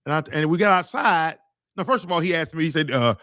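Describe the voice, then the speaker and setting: A man's voice: on the high side, animated, quick pace, bright, forceful tone, dry recording, clean studio sound. A man who leads a teachers' association, telling a story in a rambling, blunt, heated way and repeating words as he goes. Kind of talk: casual storytelling monologue.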